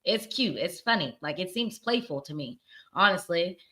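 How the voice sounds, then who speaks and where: A woman's voice: lowish voice, expressive, moderate pace, bright, forceful tone. A woman hosting a casual pop culture stream, talking candidly and cursing freely, with an accent that mixes Virginia and the northern US. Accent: mixed Virginia and northern US. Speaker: podcast host.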